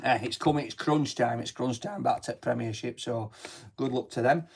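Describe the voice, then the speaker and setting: A man's voice: mid-range voice, moderate pace, creaky, breathy edge. A middle-aged man with a broad Yorkshire accent, co-hosting a casual, jokey radio chat. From Barnsley, England. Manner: chatty, jokey, broad dialect. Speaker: radio co-host.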